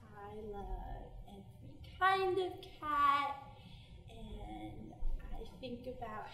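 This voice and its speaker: A woman's voice: on the high side, animated, very slow, pushed and bright, roomy sound, far from the mic. An eighteen-year-old woman introducing herself to camera in a comedic student video, gushing and overwrought, slipping into tearful laughter.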